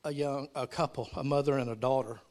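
A male pastor preaching a sermon, telling a story in a calm tone before building to raised, emphatic preaching. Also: medium pitch, brisk.

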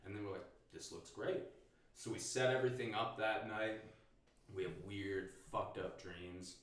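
A man's voice: lowish voice, moderate pace. A man who is a guest on a podcast, telling a story casually, swearing a lot and saying "like" often. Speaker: podcast guest, stand-up comedian. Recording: echoey room, distant mic.

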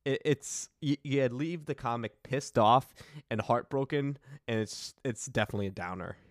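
Man co-host, mid pitch, dry close mic, earnest emphatic chat. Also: moderate pace, dry recording. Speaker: podcast co-host. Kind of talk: casual chat.

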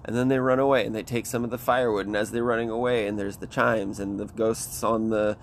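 A man rambles through a book plot in animated, casual chat, swearing freely as he jumps between characters. His voice sits low. A faint hiss of noise stays under the talk. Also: brisk. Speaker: host retelling a book.

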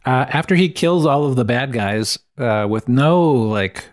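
A man's voice: medium pitch, expressive, measured pace. A man co-hosting a casual podcast, wryly summing up reviews and a plot with lots of filler words. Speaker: podcast co-host.

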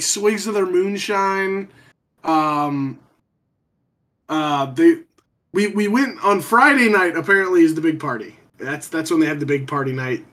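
A man's voice: high voice, a bit bright. A man telling a long rambling story in a casual podcast chat, swearing freely and trailing off with ums.

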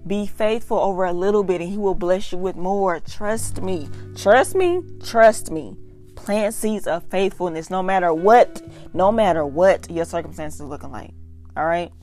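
A woman's voice: lowish voice, moderate pace, darkish tone, soft background music. A young adult woman, earnestly reading and talking through scripture in a casual devotional vlog. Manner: earnest, emphatic, repeats "y'all". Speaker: faith vlogger reading devotional.

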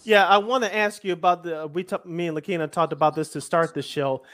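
A man co-hosting a sports talk show, asking questions in a halting way with many fillers. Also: a little high, fairly even intonation, a bit bright.

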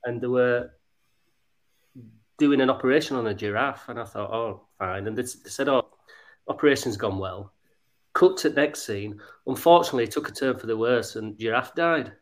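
A man's voice: mid-range voice, a little fast. A man on a podcast panel chatting casually, self-deprecating and laughing as he talks. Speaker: guest panelist. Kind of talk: casual chat.

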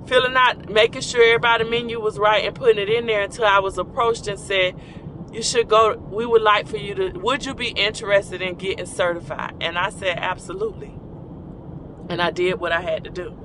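A woman's voice: medium pitch, background noise. A middle-aged woman telling personal stories in a casual, conversational way, often repeating key lines for emphasis. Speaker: speaker sharing personal stories.

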